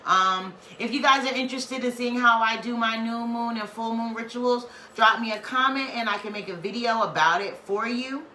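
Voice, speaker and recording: A woman's voice: a little high, moderate pace, few pauses, pushed and bright. A woman giving a casual weekly spiritual reading, talking in an emphatic, preachy, slangy and playful way. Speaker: spiritual tarot reader. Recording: echoey room, faint background noise.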